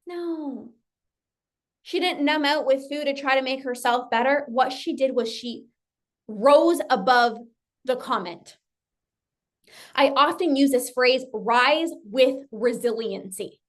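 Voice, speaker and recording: A woman's voice: high voice, slow pace, fairly bright tone. A woman coach giving an emphatic motivational talk, often acting out her client's thoughts and repeating phrases for effect.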